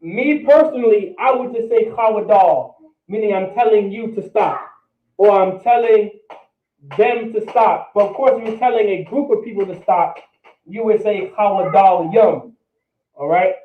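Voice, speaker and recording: A man's voice: high-pitched, moderate pace. A man teaching a language class, repeating words and often checking in with his students. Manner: repetitive, checks in with "all right?". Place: classroom or meeting room. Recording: roomy, distant, phone-like sound.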